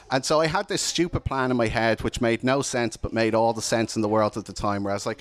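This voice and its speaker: A man's voice: mid-range voice, fast talker, few pauses. Earnest man telling his story. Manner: candid, reflective, earnest. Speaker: speaker sharing a personal testimony. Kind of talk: personal storytelling talk.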